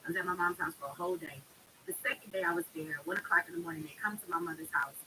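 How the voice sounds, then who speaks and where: A woman hosting a live stream delivers a heated monologue, blunt, emphatic and heavily profane. Her voice is lowish and she races along against a noisy background.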